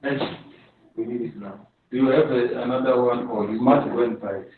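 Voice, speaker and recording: A man's voice: mid-range voice, fairly even intonation, moderate pace. A man making direct, practical requests in a casual exchange, heard from a distance. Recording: distant, tinny, noisy and echoey.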